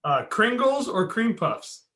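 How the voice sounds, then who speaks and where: A man hosting a casual podcast interview, friendly and quick to laugh as he asks his questions. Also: very high voice, big pitch swings, pushed and bright. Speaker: podcast host.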